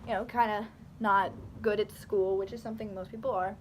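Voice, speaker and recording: A woman's voice: mid-range voice, fairly even intonation, fairly quick, slight background noise. A young woman rambling animatedly through casual commentary to her camera, full of fillers and restarts. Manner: talks with her hands. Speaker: YouTuber. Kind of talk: casual talking-head commentary.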